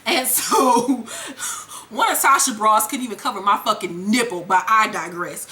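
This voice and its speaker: A woman giving a profane, animated comic recap of a TV episode and acting out the scenes. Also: on the high side, moderate pace. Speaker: TV episode reviewer. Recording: echoey room.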